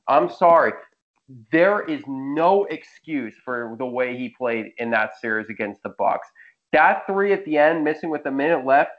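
A man's voice: mid-range voice, dull audio. A young man hosting a casual sports podcast, roasting players in emphatic rants. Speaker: podcast host.

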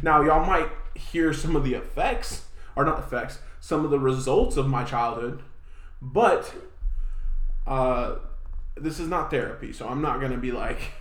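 A man's voice: medium pitch, a little slow, fairly bright tone, reverberant. A man co-hosting a podcast, telling rambling stories in casual chat and laughing often. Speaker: podcast co-host.

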